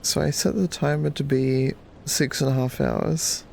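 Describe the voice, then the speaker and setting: A male livestreamer just woken up, with a groggy morning voice and a blocked nose, drawling casually to his chat and breaking into giggles and squeaky cheers. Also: steady tone, measured pace, darkish tone, a little hiss or hum. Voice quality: gravelly.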